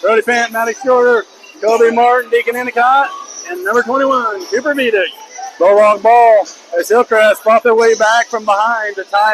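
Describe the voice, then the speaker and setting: High-pitched excitable basketball announcer man. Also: moderate pace, music in the background. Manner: excitable, openly biased toward the home team, shouts on big plays. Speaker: play-by-play commentator. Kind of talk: partisan basketball play-by-play. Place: school gymnasium at a basketball game. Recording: noisy gym crowd behind. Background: crowd noise.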